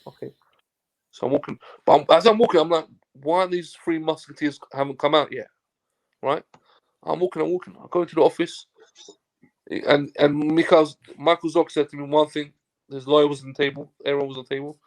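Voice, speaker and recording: As a guest, a Turkish football agent casually recounts a story, swearing freely and acting out what other people said. He's an animated storyteller, and his voice is on the high side, moving a little fast.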